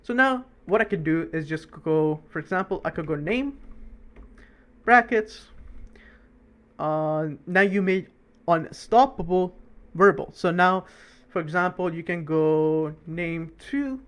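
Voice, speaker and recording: A young man giving a screen-recorded coding lesson, talking fast with many fillers and self-corrections. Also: fairly high pitch, expressive, a bit bright. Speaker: coding teacher.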